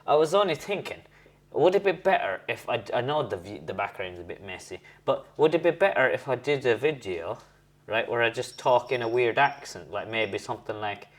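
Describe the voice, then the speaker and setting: A young man with a mid-range voice talks animatedly and a little fast while tasting and rating beers at home. He rambles and corrects himself as he hosts this casual beer-tasting vlog.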